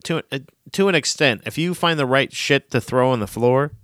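A man's voice: medium pitch, moderate pace, fairly bright tone. A man co-hosting a podcast, rambling and joking in casual chat. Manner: rambling, joking, laughs often. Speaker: podcast co-host.

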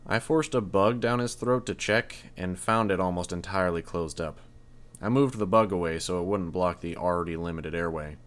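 A man narrating a first-person story in a tense, measured reading. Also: low-pitched. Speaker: audiobook narrator.

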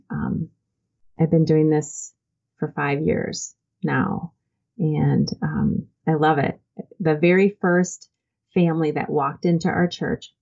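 A woman who founded a church volunteer program speaks as an interview guest, telling stories in an earnest, heartfelt way. Her notably low voice is creaky and warm, and she often pauses on "um" and restarts sentences. The recording sounds dull and lo-fi.

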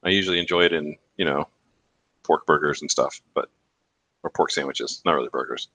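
A man co-hosting a podcast, chatting in a relaxed, rambling way with hesitations. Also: extremely low pitch, brisk, no echo. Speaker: podcast co-host. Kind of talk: casual chat.

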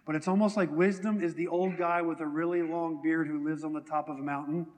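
A man's voice: on the high side, fairly even intonation, fairly quick, darkish tone, in a large hall. A man preaching a sermon to a congregation in a conversational way, often asking them questions. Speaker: pastor. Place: church hall.

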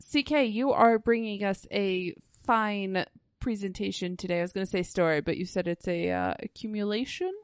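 A woman's voice: mid-range voice, normal speed, hardly any pauses, clear, resonant tone, dry recording. A woman co-hosting a podcast, bantering in a playful, affectionate way. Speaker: podcast co-host. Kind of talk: casual chat.

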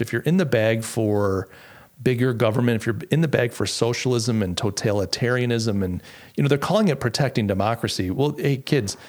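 A man's voice: mid-range voice, darkish tone. A man hosting a political talk show, reading quotes from an article aloud with sarcasm and plenty of restarts. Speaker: podcast host.

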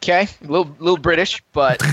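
A man's voice: a little high, brisk, a bit bright, no echo, highs cut off. A man on a casual podcast, teasing and quizzing the others with playful questions. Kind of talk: casual chat.

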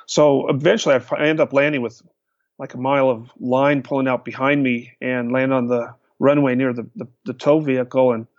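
A man's voice: mid-range voice, no echo. A man guest telling long casual stories in a rambling way, often restarting his sentences. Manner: rambling, with many restarts and fillers. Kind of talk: casual storytelling. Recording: dull, lo-fi sound.

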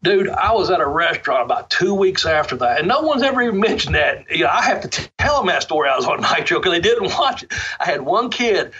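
Middle-aged man, husky bright voice, swears freely, rambling stories, dull lo-fi recording. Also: high-pitched, big pitch swings, quick pace. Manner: profane, rambling, laid-back storyteller. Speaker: former pro wrestler, guest. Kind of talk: casual storytelling interview. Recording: dull lo-fi sound.

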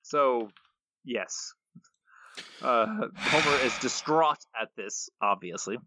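A man's voice: mid-range voice, animated, takes it slowly, bright, forceful tone, no room sound. A man co-hosting a podcast, recapping an episode casually with dry sarcasm. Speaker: podcast co-host. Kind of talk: casual episode review chat.

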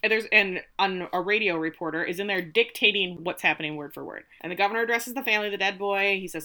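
Bright-voiced woman recapping from notes. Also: mid-range voice, quick pace, few pauses. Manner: reads from notes, acts out quotes. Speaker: podcast co-host. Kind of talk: casual recap chat.

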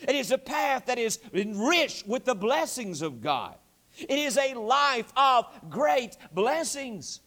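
High-pitched male preacher, storytelling sermon, emphatic repetition. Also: very animated, slow pace, a bit bright. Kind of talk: evening church sermon.

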